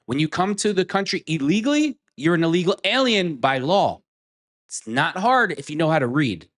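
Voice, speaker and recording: Scornful male commentary host, pitch a touch high. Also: sing-song, normal speed, a bit bright. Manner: scornful, mocking, swears. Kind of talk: angry political commentary over clips.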